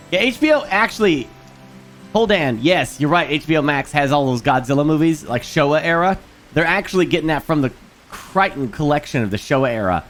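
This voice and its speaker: A man streaming a video game, chatting casually in a rambling, animated way. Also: mid-range voice. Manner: rambling and animated, lots of fillers and restarts. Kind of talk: casual chat while playing a video game.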